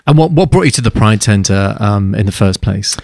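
A man's voice: fairly low pitch, expressive, moderate pace, creaky, a little mellow, dry recording, studio quality. A man hosting a community radio show, introducing guests with informal enthusiasm. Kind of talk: casual radio interview. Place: radio studio.

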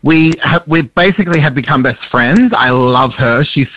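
An excitable man who laughs often, telling a story as a guest on a radio show. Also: mid-range voice, moderate pace, highs cut off, a little hiss or hum. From Australia. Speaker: guest singer. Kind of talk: radio chat.

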